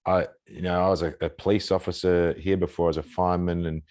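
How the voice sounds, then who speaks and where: A middle-aged man hosting a podcast interview, calm and reassuring as he explains things step by step. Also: deep voice, quick pace. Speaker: podcast host. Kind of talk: casual interview chat.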